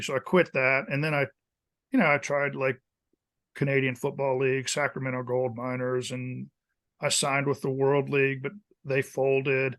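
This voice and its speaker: A man's voice: mid-range voice, normal speed. A man in his fifties, a former college kicker, telling casual stories as a podcast guest and acting out the coaches he quotes. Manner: animated storyteller who acts out quoted coaches. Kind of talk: casual storytelling interview.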